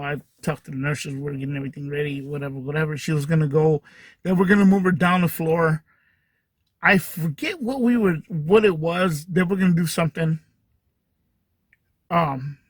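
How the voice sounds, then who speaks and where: Guy rambling through a story on his podcast, kinda husky, slightly high, dry close sound. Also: a bit bright, no echo. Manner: rambling, lots of fillers and restarts. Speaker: podcast host. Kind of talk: casual storytelling monologue.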